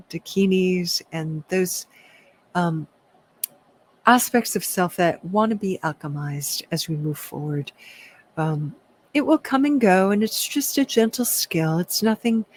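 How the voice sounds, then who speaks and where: A woman leading a prerecorded spiritual workshop talk, reflective and self-deprecating, laughing often. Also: mid-range voice. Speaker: workshop leader.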